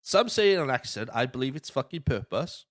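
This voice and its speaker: A man's voice: mid-range voice, very animated, brisk, no echo, clean studio sound. A man hosting a podcast, telling stories casually with lots of swearing and acted-out quotes. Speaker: podcast host. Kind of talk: casual chat.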